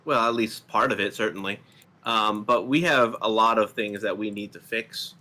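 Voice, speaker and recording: A man from the United States co-hosting a casual political commentary show, explaining things in a measured way with frequent ums. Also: lowish voice, fairly even intonation, bright, forceful tone. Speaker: podcast co-host.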